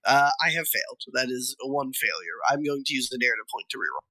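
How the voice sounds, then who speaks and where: A tabletop game player speaking politely and deliberately about their moves. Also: medium pitch, expressive, sharp tone, no room sound, low-quality recording.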